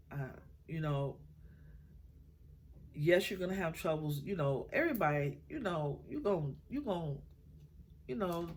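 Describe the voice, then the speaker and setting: A middle-aged woman, a mother, talking from the heart about raising her children, halting often and getting tearful at times. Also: low-pitched, darkish tone, a little hiss or hum. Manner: emotional, halting, many fillers. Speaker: mother sharing her story. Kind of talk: heartfelt personal talk.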